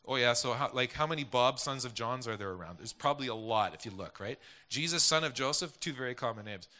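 A man's voice: mid-range voice, expressive, fast, bright, forceful tone. A man preaching a conversational sermon, rambling with many restarts and asides. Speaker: pastor.

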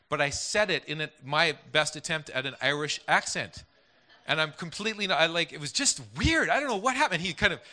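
A man's voice: fairly high pitch, bright, forceful tone. A man preaching a conversational sermon, rambling with many restarts and asides. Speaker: pastor.

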